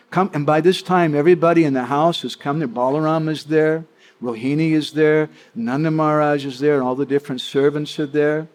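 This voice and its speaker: A man giving a devotional talk, telling stories animatedly and checking in with his listeners. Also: fairly high pitch. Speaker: devotional storyteller.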